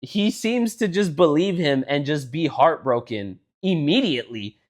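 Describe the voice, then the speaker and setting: A man co-hosting a casual podcast, telling stories with a lot of swearing and swinging between loud outbursts and low mutters. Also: animated, measured pace. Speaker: podcast co-host. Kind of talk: casual chat.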